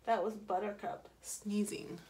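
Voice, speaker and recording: A woman's voice: medium pitch, steady tone, a little slow, dark tone, a little hiss or hum. A woman reading a picture book aloud to children in a playful way. She asks them questions and acts out the sound effects, with small asides and corrections along the way. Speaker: children's story reader.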